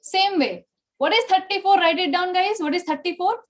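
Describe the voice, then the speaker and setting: A woman's voice: very high-pitched, moderate pace. A woman with an Indian English accent teaching an online Spanish class, repeating numbers and praising students often.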